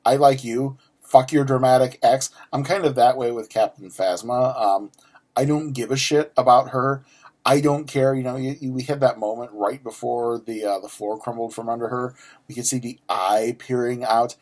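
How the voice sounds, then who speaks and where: A man's voice: medium pitch, steady tone, moderate pace, a little mellow. Ranty, foul-mouthed man unboxing. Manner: ranty, profane, sarcastic, frequent restarts. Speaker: unboxing vlogger. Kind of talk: casual unboxing chat.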